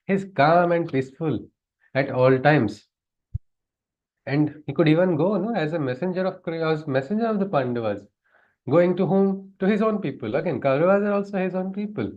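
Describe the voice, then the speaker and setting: A man's voice: on the high side, expressive, normal speed, narrow, tinny audio. A man teaching a class on scripture, in a conversational way, often putting questions to his listeners and chuckling. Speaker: spiritual teacher. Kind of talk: lecture on scripture.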